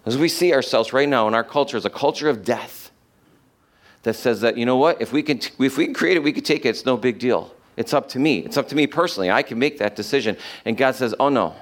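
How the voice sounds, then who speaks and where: A man preaching a sermon, reading scripture aloud and explaining it, slowing down to stress key verses. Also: medium pitch. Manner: emphatic, slows down to stress quoted verses.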